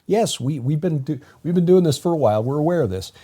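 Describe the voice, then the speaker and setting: A man's voice: a little high, expressive, quick pace, dark tone, husky. Rambling man co-hosting a talk show. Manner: rambling, with frequent restarts. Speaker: podcast co-host. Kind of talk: casual conversational commentary.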